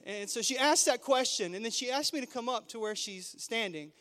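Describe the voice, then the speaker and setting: Male pastor in his thirties; animated, joking sermon delivery, high pitch, big reverberant sanctuary. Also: fairly quick. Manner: animated, playful, conversational with the crowd. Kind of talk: humorous storytelling sermon. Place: church sanctuary. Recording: long church hall reverb.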